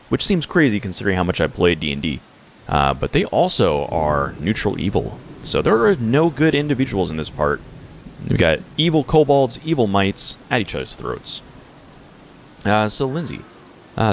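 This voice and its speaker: A man's voice: fairly low pitch, sing-song, moderate pace, vocal fry, a little hiss or hum. A man in his twenties doing casual let's-play commentary, reading dialogue aloud with hesitant fillers. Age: 20s. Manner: hesitant with fillers, chuckling asides.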